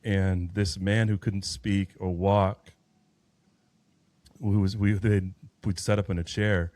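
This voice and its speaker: Low-voiced man telling an earnest story. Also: level tone, slow pace, a little mellow, no room sound. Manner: earnest, rambling storyteller with many restarts. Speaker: podcast guest. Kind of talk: personal faith testimony in conversation.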